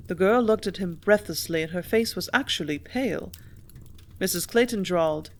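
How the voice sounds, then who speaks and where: Woman reading an old novel aloud, steady even voice, audiobook. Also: lowish voice, moderate pace. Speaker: audiobook reader. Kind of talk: audiobook narration.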